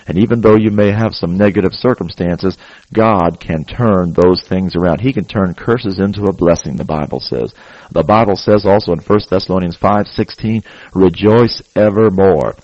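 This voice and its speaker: A man's voice: low-pitched, dry recording, muffled recording. A man preaching a sermon, urging his listeners in an earnest, exhorting way and often adding "praise God.".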